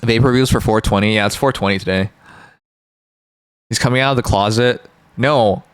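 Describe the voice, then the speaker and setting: A man's voice: fairly low pitch, normal speed, clean tone, dry recording. A man streaming live, chatting casually and joking with his viewers in a rambling way. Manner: rambling, joking, talks to chat.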